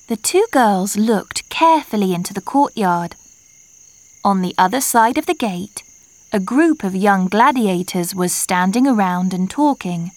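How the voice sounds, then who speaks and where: A woman narrating a storybook chapter in a slow, clear reading manner. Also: mid-range voice, animated, no room sound.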